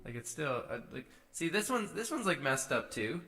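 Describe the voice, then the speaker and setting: A man's voice: a little high, very animated, moderate pace, loud music behind the voice. A man casually talking through his vocal edits on a live stream, musing to himself as he works. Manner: musing to himself, sings short takes. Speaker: streamer producing music.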